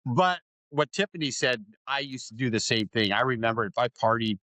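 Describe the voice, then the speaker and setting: Middle-aged male podcast host, animated storyteller, acts out quotes, average pitch, dry close sound. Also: brisk, no room sound. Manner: animated storyteller, acts out quoted voices, keeps adding "right?". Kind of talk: conversational interview.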